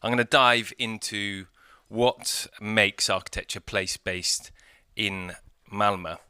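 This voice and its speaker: A British man in middle age, a city architect, giving a conversational conference talk full of thoughtful pauses and fillers. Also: on the low side, steady tone, pushed and bright, smooth, no echo. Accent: British English. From Britain. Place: outdoor courtyard by historic buildings.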